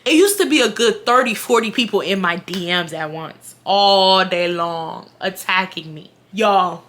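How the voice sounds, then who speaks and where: A woman's voice: mid-range voice, measured pace, a bit bright. A young woman telling a story on her vlog. She is blunt and profane, and speaks straight to her viewers. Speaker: vlogger.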